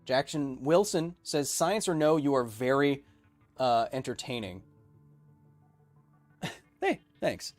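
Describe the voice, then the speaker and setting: A man's voice: mid-range voice, a little slow, no room sound, soft background music. A young man hosting a casual livestream podcast, reading chat messages aloud in a rambling, caffeinated way. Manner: rambling, self-described super caffeinated.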